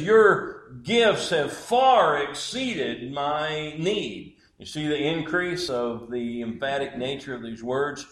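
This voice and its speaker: A man preaching a sermon as pastor, slow and emphatic, with dramatic pauses. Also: a little high, echoey room, low-quality recording.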